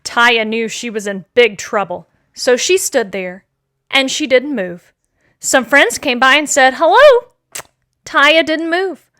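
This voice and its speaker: Woman storyteller for children; high, bright, slow, expressive. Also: dry recording, clean studio sound. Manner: slow, expressive, sing-song. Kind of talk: reading a children's story aloud.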